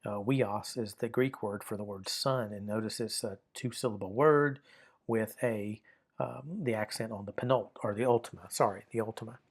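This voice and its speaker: A middle-aged man teaching a grammar lesson in a patient, repetitive way, often restarting his sentences and filling pauses with "uh". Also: on the low side, husky. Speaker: Greek teacher. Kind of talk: recorded lesson explaining grammar.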